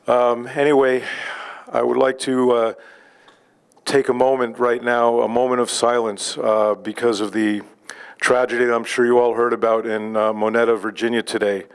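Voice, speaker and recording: A man's voice: mid-range voice, flat delivery, moderate pace, clear, resonant tone. A man hosting an open mic night, talking casually to the audience with many fillers and restarts. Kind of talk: casual emcee remarks. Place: live studio venue.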